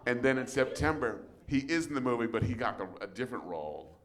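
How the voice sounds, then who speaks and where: A man, a voice actor, guesting on a live variety show interview and telling animated stories with frequent laughter. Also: mid-range voice, quick pace, crowd noise. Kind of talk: casual interview storytelling. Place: outdoor live show at an RV park.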